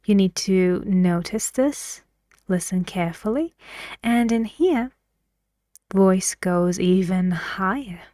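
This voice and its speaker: A woman teaching English pronunciation, speaking slowly and carefully and swinging her pitch up and down to model intonation. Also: dark tone, no echo, studio quality. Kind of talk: pronunciation lesson.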